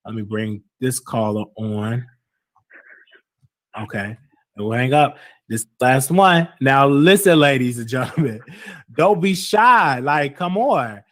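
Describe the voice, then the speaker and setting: A man's voice: mid-range voice, slow pace. A man hosting live call-in radio, casually reading caller numbers aloud and bringing callers on air. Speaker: radio talk host taking callers.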